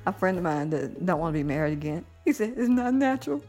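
A woman's voice: low-pitched, fast, faint music behind. A middle-aged woman in a casual monologue, giddy and blunt, cursing freely and laughing often. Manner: giddy, animated, swearing freely, frequent laughter. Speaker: vlogger.

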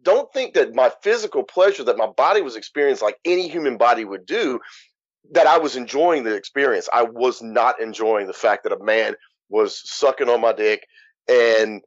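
A frank, outspoken man tells his story in a very lively voice that rises and falls widely. The recording is dull and lo-fi. It sounds dry, with no room in it. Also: mid-range voice, moderate pace, no echo. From Louisiana. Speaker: guest, author. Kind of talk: candid interview.

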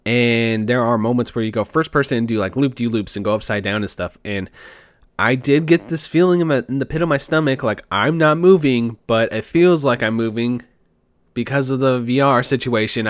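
A man's voice: medium pitch, dry recording, clean studio sound. A man hosting a podcast in casual chat, talking enthusiastically in a rambling, slangy way.

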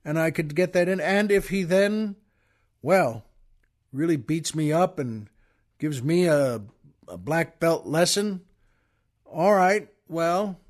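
Folksy storytelling man, slightly high voice. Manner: folksy, chatty, addresses listeners as folks. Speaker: podcast host. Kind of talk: storytelling monologue.

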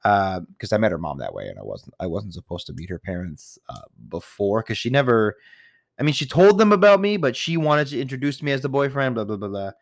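A man's voice: fairly low pitch, sing-song, fairly quick, creaky, no room sound, clean studio sound. A man casually telling personal dating stories, rambling with frequent restarts and the odd swear word. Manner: rambling, with repeated restarts and laughs. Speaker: storyteller. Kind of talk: casual storytelling monologue.

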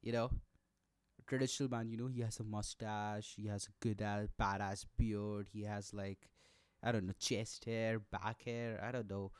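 A young man with an Indian accent and a hoarse, coughing throat, ranting sarcastically and profanely in a casual solo podcast. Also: on the low side, level tone, normal speed, no room sound. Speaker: podcast host.

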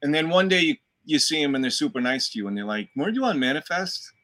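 A man with a softened Boston accent, an actor guest telling animated stories in a casual chat and swearing freely. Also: medium pitch, quick pace. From Dorchester, Boston.

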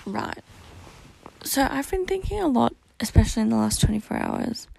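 A woman's voice: a little high, sing-song, moderate pace, gravelly, darkish tone. A young woman hosting a solo podcast, talking candidly and rawly about her feelings, venting and swearing often. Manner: raw, venting, frequent swearing. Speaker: podcast host.

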